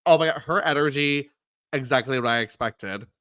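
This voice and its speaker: A young man co-hosting a podcast, telling stories in a lively, animated way, laughing often and acting out quotes in a high voice. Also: normal speed, no room sound. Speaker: podcast co-host. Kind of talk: casual chat.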